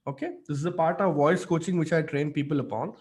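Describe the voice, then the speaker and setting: Energetic coach, higher voice. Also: male voice, fast talker. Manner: energetic, demonstrative, frequent fillers. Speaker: public speaking coach. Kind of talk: online mentorship session.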